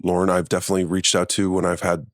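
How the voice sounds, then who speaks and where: A man's voice: monotone, fast talker, no echo, clean studio sound. A middle-aged man chatting as a podcast guest, telling stories and acting out what people said. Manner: chatty storyteller, acts out quotes in a higher voice. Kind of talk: casual conversation.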